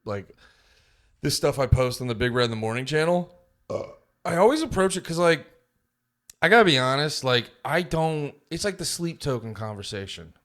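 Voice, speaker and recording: A man's voice: medium pitch, lively intonation, moderate pace, fairly bright tone. A man co-hosting a podcast in casual chat, ranting with lots of profanity and mocking people in put-on voices. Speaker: podcast co-host.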